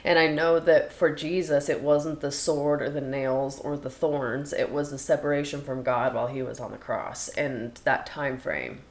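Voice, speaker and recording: Low-pitched woman, casual bible study chat, chatty retelling of scripture, podcast co-host. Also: little pitch movement, moderate pace, few pauses. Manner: chatty, retells scripture in her own words.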